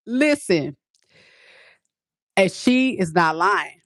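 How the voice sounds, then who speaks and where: A woman chats to her viewers in a lively storytelling way, leaning hard on key phrases and saying them again for effect. Her voice sits in an ordinary middle range. The sound is close and dry, with no room echo. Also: mid-range voice, measured pace. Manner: animated, emphatic, repeats lines for effect. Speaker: tarot reader and spiritual advisor.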